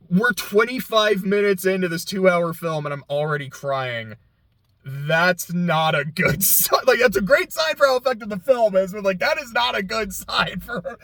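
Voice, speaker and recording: A man's voice: high-pitched, a bit bright, no echo. Candid man rambling through a film reaction. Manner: rambling and candid, laughs often, swears. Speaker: film reviewer. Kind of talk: casual movie reaction vlog.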